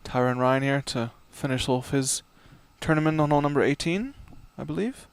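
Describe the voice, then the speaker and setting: A man giving live golf commentary in a relaxed, chatty way, with tips and play calls. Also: mid-range voice, normal speed, gravelly, clean tone, no echo.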